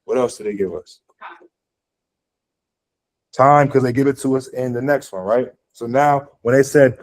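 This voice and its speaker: At medium pitch and a measured pace with long pauses, a man lectures a college physics class, also streamed online. He talks conversationally with lots of fillers and asks the class questions, captured on a rough recording.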